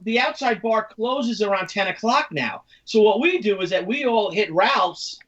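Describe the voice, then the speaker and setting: A man's voice: sits high, animated, normal speed, a bit bright. A man co-hosting a podcast in casual chat, rambling through stories and often acting out the voices of people he quotes. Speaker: podcast co-host. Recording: muffled lo-fi mic from a distance.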